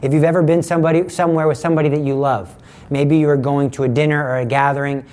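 A middle-aged man giving a conversational sermon, teaching with lively examples and acted-out quotes. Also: fairly high pitch, fast. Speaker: preacher.

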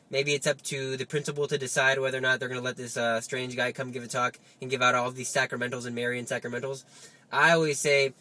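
A man giving a lively Catholic teaching talk, full of rhetorical questions and coaxing asides. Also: medium pitch. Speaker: Catholic speaker. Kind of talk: spoken religious teaching.

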